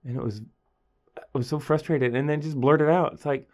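Animated storytelling teacher. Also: male voice, fast talker. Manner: animated storytelling, acting out students in a higher voice. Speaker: high school teacher. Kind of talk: casual podcast monologue.

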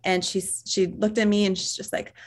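A woman guest speaking earnestly and reflectively in an interview, laughing softly between thoughts. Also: medium pitch, little pitch movement, normal speed. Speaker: author and parent guest. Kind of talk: conversational interview.

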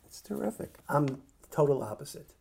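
A man's voice: fairly high pitch, very animated, moderate pace, gravelly, warm tone, husky. A man interviewing someone, asking questions and reacting with frequent chuckles and short replies. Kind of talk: casual interview conversation.

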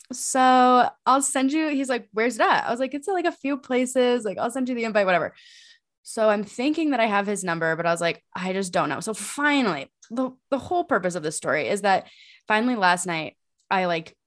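Young woman podcast co-host, rambling and animated, lots of fillers. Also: mid-range voice, a little fast. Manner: rambling, animated storytelling with many fillers and laughs. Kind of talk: casual chat.

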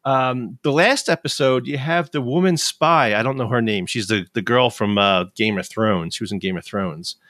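A man's voice: medium pitch, normal speed, hardly any pauses, a bit bright, no room sound, clean studio sound. A man in his fifties, chatting casually and ranting in frustration, swearing freely. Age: 50s. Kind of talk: casual chat.

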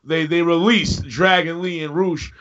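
A man's voice: on the high side, steady tone, measured pace, a bit bright, muffled recording. A man co-hosting a podcast, talking in brash, profane, laughing comedic banter with mock threats. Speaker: podcast co-host.

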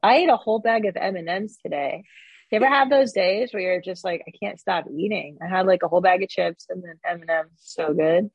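A woman's voice: lowish voice, a little fast, husky, dry recording, muffled recording. A woman comedian from Canada chatting as a guest in an interview, joking and sarcastic. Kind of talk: casual interview chat.

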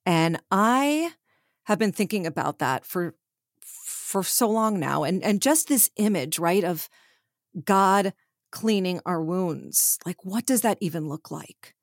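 A woman co-hosting a podcast, speaking to her friend in an affectionate, quick conversational way with frequent laughs. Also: fairly low pitch, expressive, no echo, studio quality. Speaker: podcast co-host. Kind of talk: heartfelt conversation.

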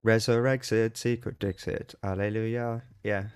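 A man's voice: on the low side, measured pace, clear, resonant tone. Playful man on a podcast. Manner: playful, animated, acts out quotes. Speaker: podcast co-host. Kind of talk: casual chat.

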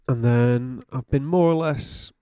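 A young man, co-hosting a podcast in relaxed chat. His pitch sits in the middle, and he acts out the lines he quotes as he tells a story. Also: slow pace, clean tone, dry recording, clean studio sound. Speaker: podcast co-host. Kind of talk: casual chat.

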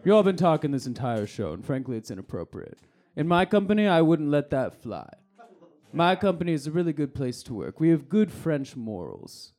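Guy doing a pompous croissant sponsor, dark mellow voice, bossy, live improv bit. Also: fairly high pitch, big pitch swings, a little fast. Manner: pompous, bossy, self-important.

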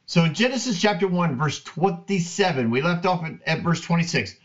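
A man with a voice on the high side teaches the Bible in a casual, earnest talk, reading verses aloud in an animated way. He speaks a little fast, and the recording sounds lo-fi.

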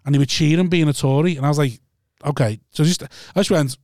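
A man's voice: on the high side, fast, darkish tone, no room sound, studio quality. A man, a stand-up comedian, teasing his co-host and telling rambling anecdotes in casual podcast chat.

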